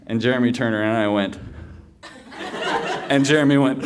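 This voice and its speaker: A man's voice: medium pitch, a little fast, noisy background. A man telling a humorous personal story live on stage, in a conversational way with fillers and restarts.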